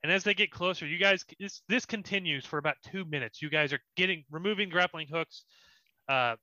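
A man's voice: fairly high pitch, brisk, bright, forceful tone, no echo, muffled recording. A young man narrating as dungeon master of a tabletop game, in a casual, descriptive way. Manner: descriptive, laughs often, casual.

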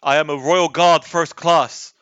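A man's voice: on the high side, steady tone, a little slow, a bit bright, clear, resonant tone, no echo, highs cut off. A man voicing a proud royal guard from the sea who speaks formally and insistently. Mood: pompous.

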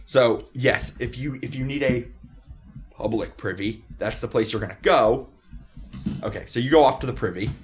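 A man's voice: mid-range voice, normal speed. A man acting as game master in a tabletop role-playing game, explaining the scene in a rambling, hesitant way. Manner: rambling, hesitant, many fillers and restarts.

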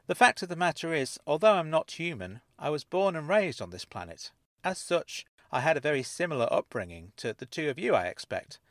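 A calm, composed woman who insists she is not human, as a male narrator puts her on. She speaks in a measured, unruffled way, her pitch moving freely, in a dry, close audiobook read. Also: no room sound. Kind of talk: audiobook character voice.

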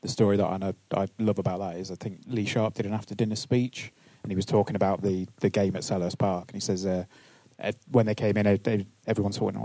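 A man co-hosting a live podcast, telling a lively anecdote. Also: fairly low pitch, fast talker, hardly any pauses, no room sound. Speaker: podcast host.

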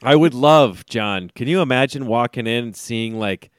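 A man's voice: medium pitch, normal speed, smooth, no echo, clean studio sound. A man in his forties co-hosting a podcast in casual chat, joking, swearing freely and laughing often. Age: 40s. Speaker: podcast co-host.

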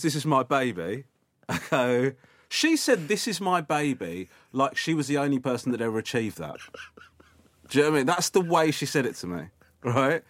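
Male comedian, mid-pitched, lively storyteller, dry close sound. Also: no room sound. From England. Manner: animated storytelling, acts out other people's lines. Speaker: guest comedian. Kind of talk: casual interview chat.

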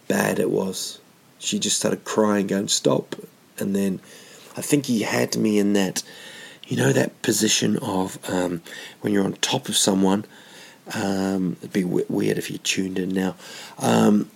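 A man's voice: on the low side, gravelly, a little mellow, slightly rough. A man doing stand-up, telling meandering, self-mocking stories full of asides and restarts. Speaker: stand-up comedian. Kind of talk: rambling comic storytelling.

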